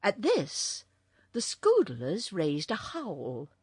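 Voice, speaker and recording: A woman narrating a children's audiobook in a very expressive storytelling voice. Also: medium pitch, extremely slow, slightly rough, no echo, clean studio sound.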